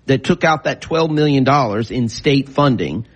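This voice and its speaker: A man's voice: medium pitch, expressive, normal speed, husky. A man co-hosting a talk radio show, chatting casually and rambling through lots of fillers. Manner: rambling, full of fillers and restarts.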